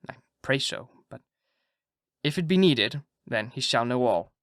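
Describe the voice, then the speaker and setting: A man voicing an old Dutch male doctor with a put-on Dutch accent, giving slow, solemn counsel. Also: mid-range voice, animated, no echo, studio quality, close to an everyday voice.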